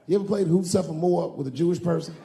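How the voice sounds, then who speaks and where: A man performing stand-up comedy on a large theater stage, storytelling with sudden swings between low mutters and loud outbursts. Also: fast, gravelly, big-room sound.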